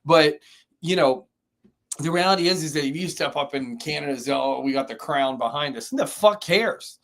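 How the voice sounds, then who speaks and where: A man's voice: a little high, normal speed, fairly bright tone. A man co-hosting a live-streamed talk show, ranting profanely and telling a story with mocking quotes. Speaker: podcast co-host. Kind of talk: heated casual rant. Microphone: live stream, remote or studio mic.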